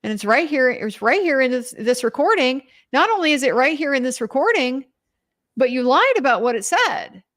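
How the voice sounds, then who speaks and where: Sing-song and high-pitched, a bit bright at normal speed, this young woman comments on a trial as a legal commentator. Her casual recap is emphatic and incredulous, with quotes read aloud as she goes.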